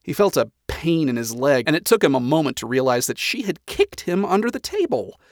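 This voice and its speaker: A man reading a story aloud as narrator, in an even, dryly expressive manner. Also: a little high, brisk, dry recording, studio quality.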